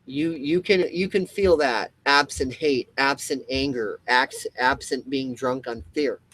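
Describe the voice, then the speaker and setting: A man's voice: medium pitch, a little slow, fairly bright tone, low-quality recording. A man hosting his own web show, delivering an impassioned, profane rant straight to his viewers with emphatic repetition and frequent restarts. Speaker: comedy web show host. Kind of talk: impassioned solo rant to camera.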